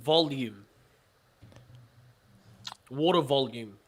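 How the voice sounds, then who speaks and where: A man's voice: mid-range voice, extremely slow. A man playing a comedy quiz over a video call, loose and swearing, blurting out guesses. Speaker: quiz contestant. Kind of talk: casual banter on a comedy quiz.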